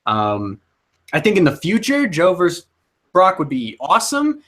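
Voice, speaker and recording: A man's voice: high-pitched, huge pitch swings, normal speed, a bit bright. A young man co-hosting a casual chat, rambling and hesitant, often restarting his sentences. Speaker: co-host.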